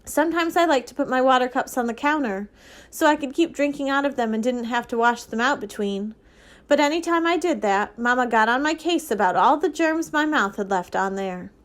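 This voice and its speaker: A woman, a librarian, reading a children's novel aloud in a steady, expressive way. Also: sits high, a little fast. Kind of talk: storybook reading.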